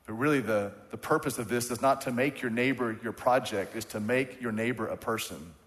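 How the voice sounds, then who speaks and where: A man's voice: medium pitch, fairly quick, a bit bright. A man preaching a sermon as pastor, leading the congregation in call-and-response and hammering his points with repetition. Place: church sanctuary. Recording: church hall with long reverb.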